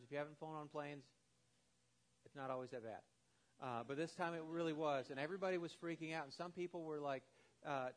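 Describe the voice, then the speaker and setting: Man preaching in a casual storytelling tone. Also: mid-range voice. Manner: casual storytelling with many fillers, then earnest prayer. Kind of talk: sermon with illustration story.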